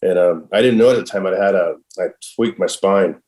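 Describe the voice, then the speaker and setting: A man's voice: low-pitched, brisk, a little mellow, rough recording. A middle-aged man guesting on a podcast, telling a long story in a casual, rambling way, swearing freely and filling his talk with "like" and "I'm all.". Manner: rambling and profane, heavy use of "like" and "I'm all". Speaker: podcast guest, professional skateboarder.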